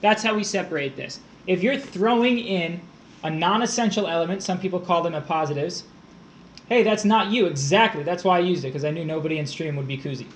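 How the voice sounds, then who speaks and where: A high-pitched male voice teaching a live-streamed grammar lesson. He walks through punctuation rules one step at a time and breaks off to answer viewers in chat. A faint hiss sits under his voice. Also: quick pace. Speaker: test prep tutor.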